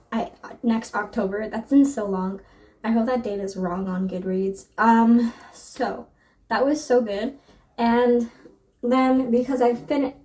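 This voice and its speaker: A woman's voice: on the high side, dark tone, far from the mic. A young adult woman chatting casually about books, gushing and filling her talk with "like". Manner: gushing, filler-heavy "like" talk. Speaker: book vlogger. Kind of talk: casual chat to camera.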